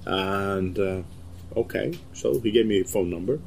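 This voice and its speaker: Man, low voice, thoughtful and hesitant, faint outdoor night ambience behind. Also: creaky, a little mellow, slight background noise. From Finland. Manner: measured, hesitant, with fillers. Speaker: magician guest. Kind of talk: casual conversation. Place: backyard at night.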